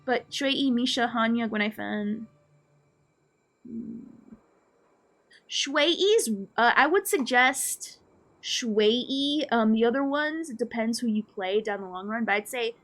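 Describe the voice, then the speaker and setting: A woman live streaming a game, chatting casually with her viewers in an animated, playfully ranting and mock-scolding way. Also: on the high side, slow pace, soft background music. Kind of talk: casual gaming stream chat.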